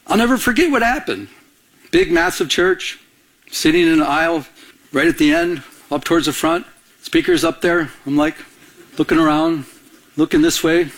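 A middle-aged male pastor with a high voice, delivering a lively sermon full of personal stories. He talks in an animated way, doubling back and repeating words as he goes. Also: moderate pace.

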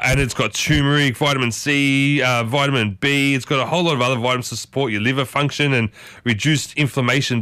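A man's voice: medium pitch, pushed and bright, dry recording, studio quality. A man hosting a breakfast radio show in casual, folksy chat, firing questions at his listeners. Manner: chatty and folksy, quizzes listeners with strings of questions.

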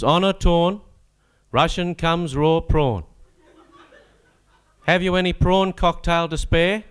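A man's voice: a little high, clear, resonant tone. A man with an Australian accent reciting comic bush-ballad verse on a live stage with a rollicking, rhythmic delivery.

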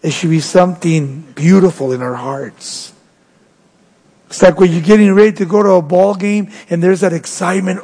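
A man preaching a sermon as pastor, swinging his voice high and low. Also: moderate pace, gravelly, darkish tone, husky. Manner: preaching with sweeping rises and drops in pitch. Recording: long hall reverb.

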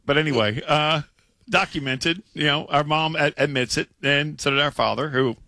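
A man co-hosting a sports radio show, talking in lively teasing bursts. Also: a little high, moderate pace, no echo. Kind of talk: casual sports talk. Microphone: studio microphone.

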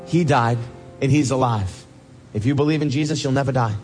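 A man preaching a sermon as a pastor, animated, with a husky voice. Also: mid-range voice, a little fast, faint music behind. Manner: animated, swings from loud questions to soft reassurance.

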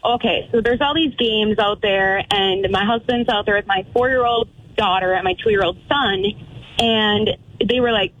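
A woman in her thirties telling a frightening story as a caller, talking fast and acting out what people said. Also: medium pitch, fairly bright tone, no echo, dull audio. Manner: breathless retelling with quoted dialogue. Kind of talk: casual storytelling.

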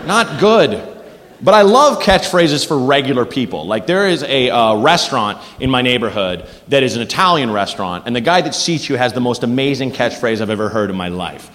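A man's voice: mid-range voice, expressive, fairly quick, a bit bright. A man doing a rambling, self-mocking stand-up routine on a comedy club stage. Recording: echoey live club, crowd noise.

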